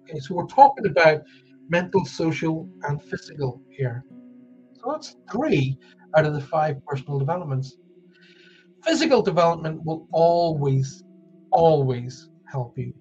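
A man's voice: on the high side, darkish tone, dull audio. An Irish man hosting a live wellbeing show, talking casually and joking as he reads out viewer comments. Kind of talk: casual live-stream talk.

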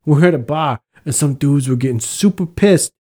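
A man's voice: on the high side, fairly quick, dark tone. A man in casual conversation, laid-back, laughing often and swearing freely. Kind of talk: casual podcast chat.

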